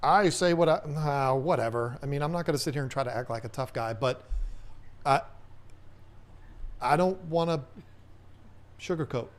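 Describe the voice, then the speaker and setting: A man's voice: medium pitch, normal speed, long pauses. A man hosting a casual livestream Q&A, chatting in a rambling way and reading viewer comments aloud. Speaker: host.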